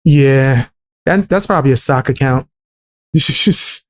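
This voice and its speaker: A man's voice: medium pitch, measured pace. Blunt mocking male streamer. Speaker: streamer reacting to clips. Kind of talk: casual reaction stream commentary.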